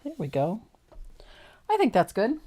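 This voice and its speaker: A woman hosting a live painting tutorial, chatty and quick to laugh, poking fun at herself as she explains each step. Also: mid-range voice, huge pitch swings, mellow, slight background noise. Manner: chatty, laughs easily, self-deprecating. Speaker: host and painting teacher.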